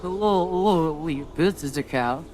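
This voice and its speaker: A man's voice: a little high, moderate pace, a little mellow, soft background music. A young man chatting casually on a gaming stream, rambling with lots of fillers and laughing often.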